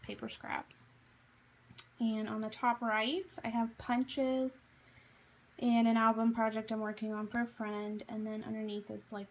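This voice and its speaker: A woman in her thirties narrates a casual tour of her home craft room, chatty and self-deprecating with plenty of fillers. Her voice sits a little high, picked up by the camera's own mic as she films. A faint hum of room noise runs underneath. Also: creaky, poor audio. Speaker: craft vlogger.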